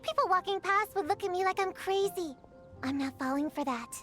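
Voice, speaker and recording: A woman's voice: very high voice, brisk, music in the background. A woman voicing a proud, scornful young witch girl who blows up easily, in a video game. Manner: scornful, easily riled, shouts when angry.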